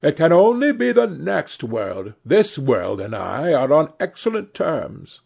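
A man reading aloud and voicing a witty, cynical aristocratic gentleman with a dry, drawling delivery. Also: on the high side, sing-song, measured pace, gravelly, breathy edge, pitched above the performer's own voice, full character voice.

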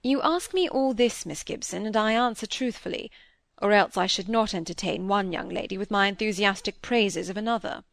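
A woman voicing a smooth, courteous bachelor gentleman in an audiobook reading, probing with polite questions. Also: mid-range voice, moderate pace, dry recording, studio quality, close to an everyday voice.

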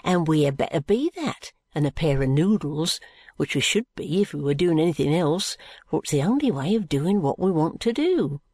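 A woman reading aloud and voicing an anxious young male law clerk who talks in a nervy, hushed, conspiratorial way. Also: low-pitched, lively intonation, moderate pace, husky, no echo, heavily acted. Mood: whispered scheming.

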